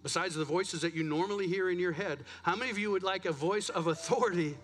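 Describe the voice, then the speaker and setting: A man's voice: high voice, fast, a bit bright. A man pastor preaching a sermon in a church, chatty and self-deprecating, a bit out of breath. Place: church sanctuary.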